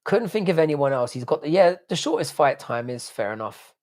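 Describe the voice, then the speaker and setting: A man's voice: on the high side, animated, brisk, a little mellow. A man with a strained throat hosting a livestream, reading out chat and bantering back in a laddish, sweary way. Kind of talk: casual live stream chat.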